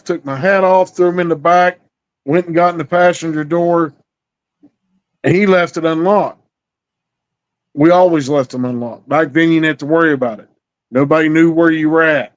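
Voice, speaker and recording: A middle-aged man telling a story in a folksy, drawling way, acting out the dialogue. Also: a little high. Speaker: storyteller guest. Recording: dull lo-fi recording.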